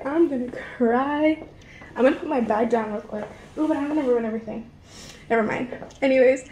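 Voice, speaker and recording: A young woman with a high voice gushes breathlessly through an unboxing vlog, exclaiming at every new thing she finds. There is a faint hiss of noise behind her. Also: a little fast, darkish tone. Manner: gushing, effusive, many exclamations. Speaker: beauty vlogger.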